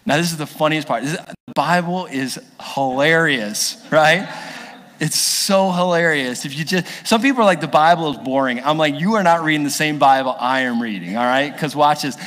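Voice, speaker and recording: A man preaching a sermon as pastor, telling a story with lively acted-out character voices. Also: a little high, normal speed. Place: church sanctuary. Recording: long hall reverb from a church.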